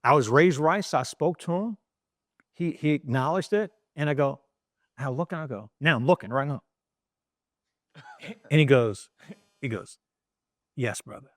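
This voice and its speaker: A middle-aged man from East Baltimore, a journalist telling an animated anecdote in an interview, with frequent restarts. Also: fairly high pitch, moderate pace, long pauses, no echo, clean studio sound. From East Baltimore, USA.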